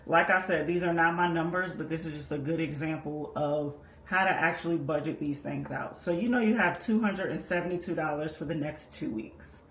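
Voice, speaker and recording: A woman's voice: low voice, fairly quick, few pauses, fairly bright tone. A woman walking viewers patiently and methodically through a budgeting tutorial, explaining as she works on paper. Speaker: personal finance creator. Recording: echoey room with faint background noise.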